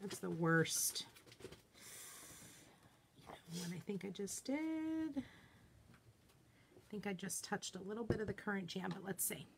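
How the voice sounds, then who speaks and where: A woman's voice: medium pitch, fairly even intonation, a little slow, gravelly, pauses often, slight background noise. A woman hosting a casual live craft tutorial, chatting and greeting viewers by name, joking about her own slip-ups. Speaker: craft demonstration host.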